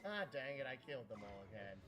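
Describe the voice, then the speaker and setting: A man's voice: mid-range voice, sing-song, quick pace, music in the background. A man streaming a retro game, chatting in a laid-back way and explaining game mechanics. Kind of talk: casual chat while gaming.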